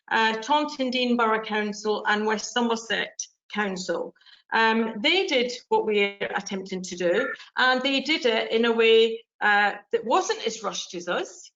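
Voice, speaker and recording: English woman councillor arguing her point, higher voice, earnest with lots of ums, dull lo-fi chamber audio. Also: a bit bright. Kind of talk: council meeting debate speech.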